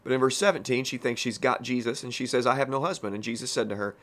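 A man leading a conversational Bible-teaching podcast at a mid-range pitch. He talks in a folksy, plain-spoken way and keeps dropping in casual asides as he walks through the text. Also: fairly even intonation, fast, fairly bright tone.

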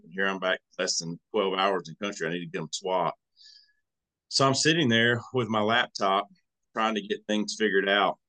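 A man with a Southern country accent talks through his story as a podcast guest. His voice sits low but has a bright, forceful edge. He is folksy and emotional and acts out the people he quotes. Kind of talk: casual storytelling.

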